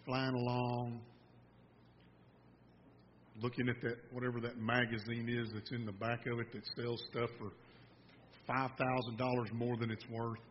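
A man's voice: mid-range voice, level tone, measured pace, long pauses, a little hiss or hum. A man preaching a sermon, telling a folksy story and joking with the congregation. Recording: dull sound with long reverb in a hall.

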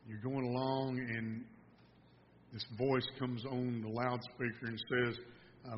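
A man's voice: medium pitch, level tone, slow, slight background noise. Man, folksy sermon storytelling, long hall reverb, dull sound. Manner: folksy storytelling, joking with the audience. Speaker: preacher.

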